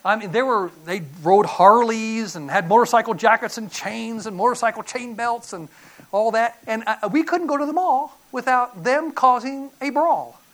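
Middle-aged male preacher; animated, folksy sermon delivery with sharp swings from loud to hushed. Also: very high voice, normal speed. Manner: animated, folksy storytelling with sudden loud bursts and quiet drops. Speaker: pastor.

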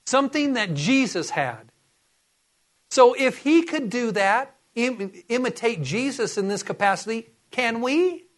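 A man's voice: very high-pitched, lively intonation, measured pace, a bit bright. A man preaching a sermon, reading scripture and earnestly urging his listeners.

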